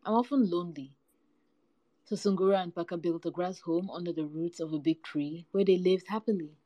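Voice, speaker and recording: A woman reading folktales aloud with a lively, varied storytelling delivery. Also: lowish voice, a little fast, no echo, dull audio.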